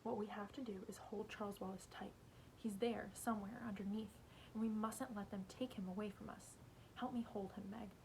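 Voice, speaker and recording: A woman reading aloud as a steady, athletic teenage boy, speaking low, firm and wry. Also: normal speed, slight background noise, close to an everyday voice.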